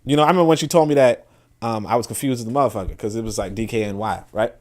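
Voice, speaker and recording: A man hosting a podcast, giving animated, profane, casual political commentary and often repeating words as he restarts sentences. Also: medium pitch, rapid-fire. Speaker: podcast host.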